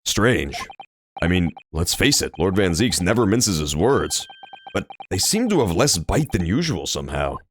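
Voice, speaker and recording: A man's voice: low-pitched, very animated, unhurried, slight background noise. Joking, profane male game streamer. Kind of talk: casual gameplay commentary.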